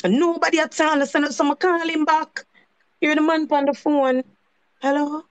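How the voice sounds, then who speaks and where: Woman, Jamaican accent, high voice, heated live-stream rant, repeats herself, patois swearing. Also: steady tone, a little fast. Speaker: channel host.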